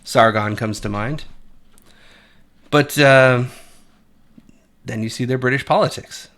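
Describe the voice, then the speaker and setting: A man's voice: mid-range voice, slow pace, fairly bright tone. A man giving blunt, profane, opinionated commentary, rambling with frequent restarts. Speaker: commentary channel host.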